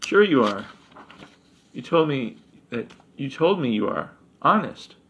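A man's voice: big pitch swings, measured pace, a bit bright, a little hiss or hum, rough recording. A man doing a pleading young boy. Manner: pleading, raised pitch.

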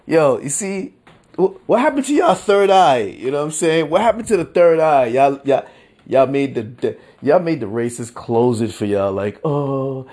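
With a darkish tone, a podcast host talks alone in an unhurried, drawn-out, slangy way. He sounds fed up with his audience and occasionally erupts into mocking, high-pitched bursts.

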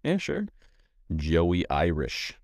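A man co-hosting a casual podcast, cracking jokes while he reads out thanks to sponsors and patrons. His voice is very low but swings widely in pitch. The recording is dry and close. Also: wildly swooping pitch, drawn-out words, darkish tone, dry recording. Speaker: podcast co-host.

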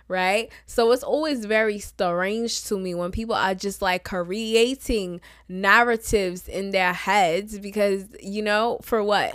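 A woman's voice: mid-range voice, no room sound, clean studio sound. Sassy, exasperated woman in her twenties. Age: 20s. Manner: sassy, exasperated, animated with mocking voices. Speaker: podcast host. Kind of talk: casual solo podcast rant.

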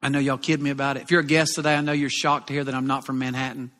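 A man from Alabama with a Southern accent, preaching a sermon in a folksy, animated, jokey way. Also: mid-range voice, racing. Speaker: pastor. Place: church auditorium. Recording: long reverb of a large church hall.

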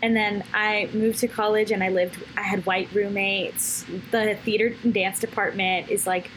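A young woman chatting on a podcast, animated and expressive as she tells personal stories. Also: medium pitch, normal speed, a little hiss or hum, rough recording. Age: young adult. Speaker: podcast guest. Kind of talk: casual chat.

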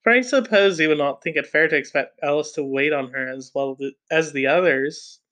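A man's voice: a little high, a little fast, fairly bright tone, lightly acted. A man reading aloud the lines of a fussy, self-important middle-aged aunt in a prim, self-justifying manner.

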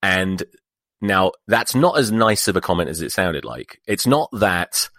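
A man's voice: deep voice, lively intonation, a little slow, fairly bright tone, no room sound, studio quality. A middle-aged man hosting a podcast, chatting in a rambling, wry way and swearing casually. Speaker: podcast host. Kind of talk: casual solo chat. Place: United States.

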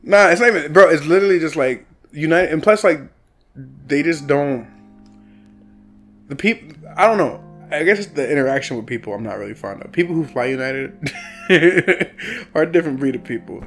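A man's voice: a little high, lively intonation, normal speed, soft background music. Laid-back young man telling stories. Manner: laid-back, laughs often, slangy storytelling. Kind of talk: casual chat.

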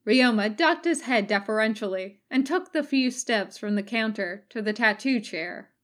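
A woman reading fan fiction aloud as a recorded podfic, in calm, even narration. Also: fairly high pitch, moderate pace. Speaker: podfic reader.

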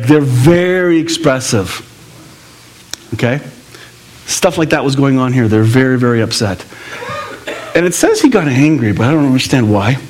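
A male pastor preaching a sermon in a conversational way, with asides and laughter. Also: mid-range voice.

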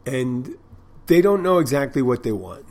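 A man's voice: mid-range voice, sing-song, normal speed, darkish tone. Rambling, profane man telling bar stories. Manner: rambling, profane, with many restarts. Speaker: bartender and podcast host. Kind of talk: casual storytelling monologue.

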